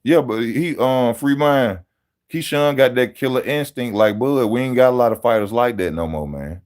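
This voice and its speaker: A man talking casually on a live stream, animated and slangy, laughing often as he answers chat about boxing. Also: mid-range voice, moderate pace. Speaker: boxing channel host reading live chat.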